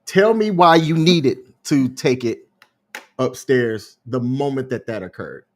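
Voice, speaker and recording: A man co-hosting a podcast, telling a story in a calm, measured, unhurried way. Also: medium pitch. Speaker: podcast co-host. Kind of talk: casual storytelling chat.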